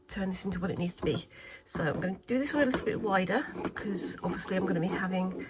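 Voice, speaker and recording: A woman chatting casually while sewing for a craft vlog, thinking aloud with many pauses and fillers, sometimes dropping into a soft half-whisper. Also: mid-range voice, noisy background. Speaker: craft vlogger. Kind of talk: casual craft tutorial chat.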